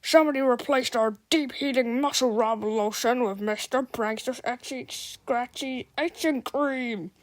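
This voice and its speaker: A woman voicing an indignant male sports coach, shouting loudly in a storybook reading. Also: on the high side, a little slow, few pauses, no echo, lightly acted.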